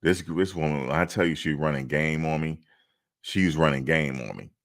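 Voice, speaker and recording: A man from New Jersey tells a travel story to camera, casual, animated, and full of slang, repeating himself for emphasis. His voice is a rumbling low, and he speaks at a normal speed.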